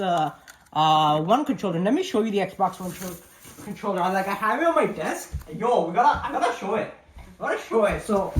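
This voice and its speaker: A woman vlogging an unboxing at home, talking into a handheld camera in an excited, rambling, slangy way and laughing at herself. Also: mid-range voice, slight background noise. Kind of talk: casual unboxing vlog. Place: at home by a desk. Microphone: handheld camera mic.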